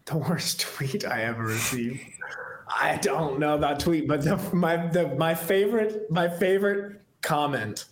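A man's voice: fairly high pitch, unhurried. A young man, a guest musician, chatting casually on a podcast in a rambling, self-reflective way and laughing easily. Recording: echoey room.

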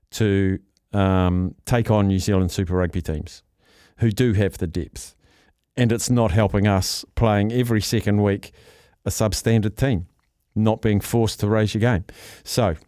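Laid-back radio host. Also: male voice, on the low side, mellow, smooth, dry recording, studio quality. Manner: chatty, loose, reads out listener texts. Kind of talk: casual radio talk.

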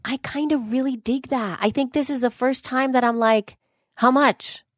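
A woman co-hosting a podcast in casual chat, chatty and excitable, often saying "dude". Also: high voice, normal speed, dry recording, studio quality. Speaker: podcast co-host.

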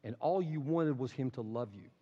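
Impassioned preacher in an echoey hall. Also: male voice, medium pitch, normal speed, warm tone. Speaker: pastor. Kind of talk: sermon. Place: church. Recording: echoey hall, dull sound.

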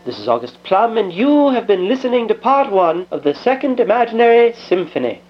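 A man's voice: high voice, sing-song, brisk, faint music behind. A man playing a formal, genial radio announcer who signs off the broadcast. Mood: courtly. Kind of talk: old-time radio sign-off. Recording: dull lo-fi old radio sound.

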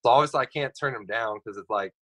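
A young man in his twenties, a podcast guest telling stories in a casual, animated way. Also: medium pitch, fast talker, a little hiss or hum, rough recording. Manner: animated storyteller, acts out others' lines. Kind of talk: casual storytelling.

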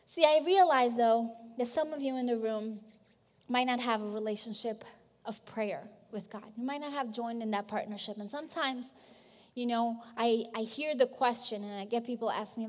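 Woman pastor, high voice, conversational emphatic sermon, long hall echo. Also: moderate pace. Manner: conversational preaching, restarts mid-phrase, emphatic.

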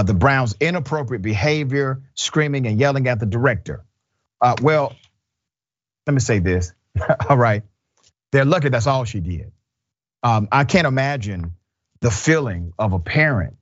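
A man's voice: medium pitch, muffled recording. A man hosting a news commentary show, reading stories and giving emphatic opinions with rhetorical questions.

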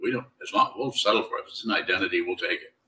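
A man giving a slow, halting, reflective dharma talk as a Zen teacher, in a slightly whiny tone. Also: low-pitched, bright, forceful tone. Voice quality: self-described whiny tone. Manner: slow, halting, reflective delivery with many restarts. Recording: distant mic.

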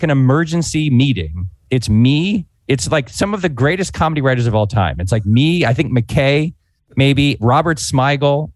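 A man in his forties telling an anecdote in animated, casual podcast chat, peppered with fillers. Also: medium pitch, dry recording. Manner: animated, fast-paced anecdote with frequent "like" fillers. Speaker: podcast guest, former comedy writer. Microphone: podcast microphone.

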